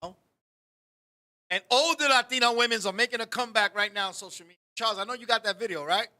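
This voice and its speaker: A man hosts the show and tells funny stories full of swearing and teasing. His voice sits high and has a bright, pointed edge. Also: quick pace. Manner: profane, animated, joking. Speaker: podcast host. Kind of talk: comic storytelling on a talk show.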